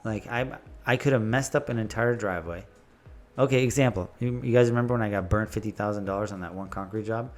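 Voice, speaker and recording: A man who runs a landscaping business, giving blunt, animated business advice and stories in a casual vlog. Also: lowish voice, fast talker, faint music behind.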